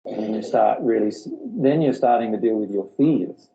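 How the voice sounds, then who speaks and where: Man teaching a spiritual workshop, very dark voice. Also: on the low side, lively intonation, normal speed, creaky, lo-fi sound. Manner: earnest, explanatory, repeats words.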